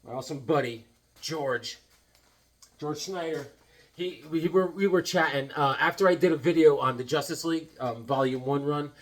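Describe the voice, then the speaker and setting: A worn-out man tells rambling, jokey stories with plenty of excitement. His voice sits fairly high for a man. He talks casually from a comic room in his home. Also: normal speed. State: tired from lack of sleep. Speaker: comic collecting channel host.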